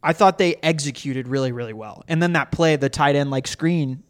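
A man's voice: on the high side, fairly quick, clean tone. A man co-hosting a sports podcast, breaking down games in long, analytical runs. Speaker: podcast co-host. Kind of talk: casual sports chat.

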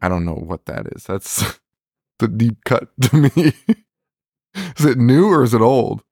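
A man's voice: mid-range voice, animated, measured pace, darkish tone, slightly rough, dry recording, clean studio sound. A man co-hosting a horror movie podcast in casual chat, laughing often and swearing as he rants. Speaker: podcast co-host.

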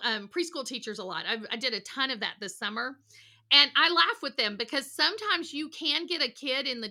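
A middle-aged woman counselor giving a podcast interview, talking with energy and acting out little voices as she tells stories. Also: sits high. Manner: energetic, animated storytelling with acted voices. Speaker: counselor and guest.

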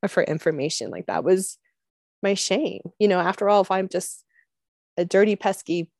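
A woman sharing a personal faith testimony in a conversational, expressive storytelling way, with many casual fillers and laughs at herself. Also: medium pitch, moderate pace, no room sound, clean studio sound.

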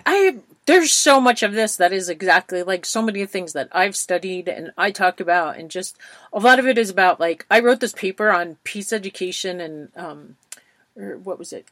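An enthusiastic woman in her fifties hosts the conversation, chatty and quick to restart her thoughts. Her voice swings between loud and soft, and the sound is dry and close to the mic. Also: medium pitch, lively intonation, no echo. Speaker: podcast host, former school teacher. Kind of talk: casual interview chat.

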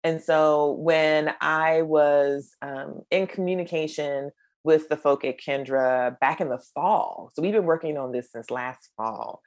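A middle-aged woman from the United States, a podcast guest, telling stories in an animated way and acting out the voices of people she quotes. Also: sits low, a little slow. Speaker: guest, creator of a menopause storytelling project. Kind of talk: storytelling in a podcast conversation.

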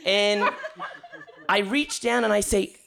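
A man telling a personal story on stage, lively, acting out the quotes with sudden jumps up in pitch. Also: takes it slowly, vocal fry.

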